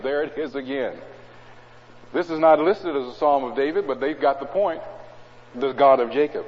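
Male preacher, fairly high voice, sermon in a church, loud readings and quiet asides, dull echoey recording. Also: lively intonation, a little slow, long pauses. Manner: swings between loud scripture reading and low conversational asides. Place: church hall.

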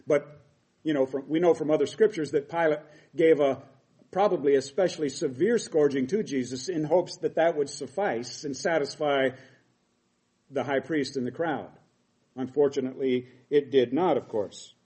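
A man's voice: on the high side, moderate pace, dark tone. A middle-aged man preaching a sermon, reading scripture aloud and explaining it with emphatic quoted lines.

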